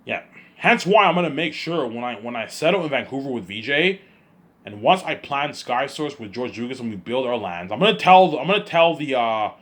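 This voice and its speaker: A man with a husky voice rambles through a solo monologue, daydreaming aloud. He talks quickly, restarting sentences and repeating himself, with lively swings in pitch. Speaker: vlogger.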